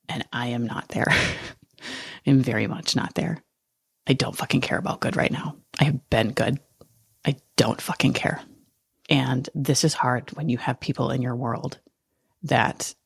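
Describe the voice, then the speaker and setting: Gravelly, husky woman venting frankly. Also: rumbling low, dry recording, clean studio sound. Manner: raw, angry and frank, swearing often. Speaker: podcast host. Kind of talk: personal monologue.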